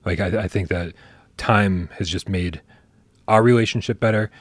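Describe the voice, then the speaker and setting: A man with a slightly low voice hosts a casual live stream. He chats and jokes as he reads viewer tips aloud. The sound is dry and close. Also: normal speed, no room sound. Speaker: podcast host.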